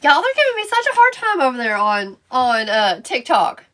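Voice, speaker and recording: A woman's voice: high-pitched, huge pitch swings, moderate pace, fairly bright tone. A woman hosting a live crafting stream, chatting playfully and bantering with viewers in the chat while she works. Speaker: craft livestream host.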